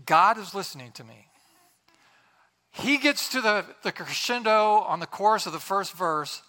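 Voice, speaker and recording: Animated, bright-voiced male preacher. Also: high voice, moderate pace. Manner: animated storyteller, laughs often. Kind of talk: sermon with a humorous story.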